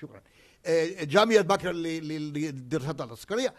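Man presenting at an academic conference, voice a touch high, stop-start delivery full of restarts. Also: lively intonation. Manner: halting, with frequent hesitations and restarts. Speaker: conference speaker.

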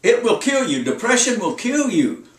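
An old preacher in his seventies delivers a folksy sermon, repeating his points and urging listeners on. His voice sits high for a man. It rings in an echoey room and he stands some distance from the microphone. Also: very animated, moderate pace. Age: 70s. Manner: folksy, repetitive, exhorting.

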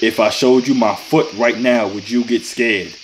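A man's voice: medium pitch, steady tone, unhurried, noisy background. A young man hosting a casual vlog who talks with strangers in a playful, teasing, joking way. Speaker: YouTuber and video chat app host.

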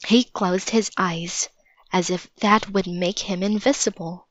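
Slow, steady woman reading a storybook. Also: medium pitch, dry recording. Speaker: storybook reader. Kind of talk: reading a children's chapter book aloud.

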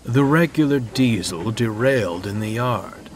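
A man voicing a deep, hoarse male engine who is formal, courteous and aloof, speaking slowly. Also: expressive, background noise, lightly acted. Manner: courtly, polite, slow formal speech.

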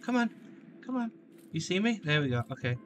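A man giving let's play commentary on a shooter, jokey and taunting enemies with sudden shouts. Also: sits high, very animated, a little fast, soft background music. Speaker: gameplay commentator.

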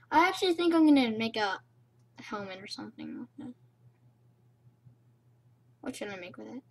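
A young woman casually commenting on her own gameplay, rambling and playful, recorded on a cheap low-quality mic. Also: expressive, moderate pace, long pauses. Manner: rambling, playful, self-chatting. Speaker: gamer.

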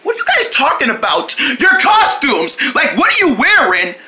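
Brief: bright, lively young-sounding voice switching between bickering cartoon kids. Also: sits high, moderate pace. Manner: squabbling, playground taunts and pleading.

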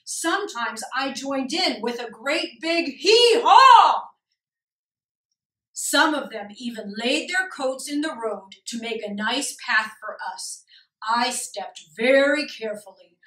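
A woman voicing a friendly, proud male donkey who tells a story slowly to small children and breaks into loud hee-haws. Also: sits high, lively intonation, exaggerated voice. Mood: cheerful storytelling. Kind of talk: puppet storytelling for preschoolers. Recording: echoey room, mic far off.

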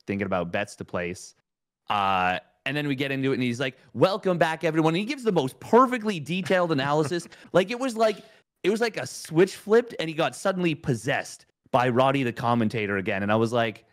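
A man esports commentator chatting on a podcast, rambling through stories with lots of filler words, modest about himself. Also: mid-range voice. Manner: rambling anecdote, heavy use of like, self-effacing. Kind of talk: casual chat.

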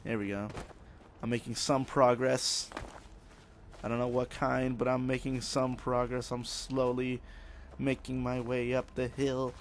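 A man's voice: mid-range voice, little pitch movement, unhurried, slight background noise. A young man casually commenting on his own video game as he plays, rambling, joking and talking to himself. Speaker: let's play gamer.

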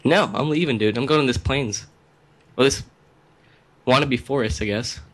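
A man's voice: medium pitch, normal speed. A young man co-hosting a casual gameplay chat, laid-back and teasing his friend. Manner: laid-back, teasing, says "dude" often. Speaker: gaming channel co-host.

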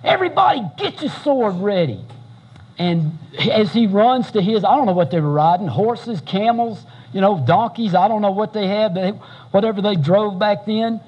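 A male pastor preaches in a folksy, animated storytelling manner. His voice is fairly high for a man and husky. He banters with his listeners as he goes. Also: moderate pace, lo-fi sound. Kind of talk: sermon.

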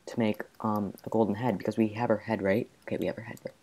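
A man's voice: lowish voice, steady tone, quick pace, few pauses, darkish tone. A man giving gameplay commentary, frantically talking to himself as he plays. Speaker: gamer.

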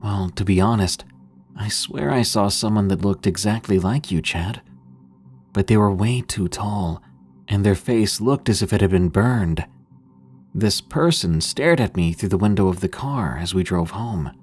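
A man's voice: fairly low pitch, animated, measured pace, a little mellow, faint music behind. A man reading the lines of a shaken young woman who tells uneasily of a strange sighting. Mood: uneasy.

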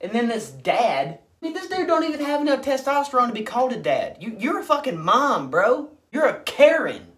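A man's voice: extremely high pitch, very animated, a little fast, hardly any pauses, a bit bright. A man ranting in a brash, sarcastic and profane comedic style. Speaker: comedy commentator. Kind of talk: comedic rant.

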